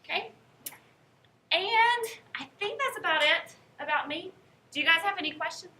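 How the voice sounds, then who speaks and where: A woman's voice: very high voice, expressive, normal speed, pushed and bright, slight background noise. A young woman from North Carolina with a Southern accent, a college professor chatting upbeat with her class and calling roll in a classroom. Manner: upbeat, chatty, checks in with "okay?". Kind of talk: first-day class introduction and roll call.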